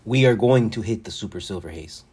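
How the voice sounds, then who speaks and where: Male solo podcaster, lowish husky voice, casual rambling delivery with profanity. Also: expressive, a little fast, a little mellow. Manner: rambling, joking, swearing, spells things out. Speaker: podcast host.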